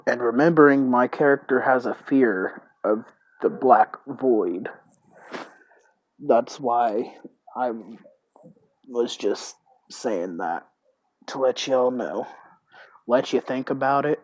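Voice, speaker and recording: A man streaming a text role-playing game, reading it aloud haltingly and thinking out loud about his choices. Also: mid-range voice, no room sound, muffled recording.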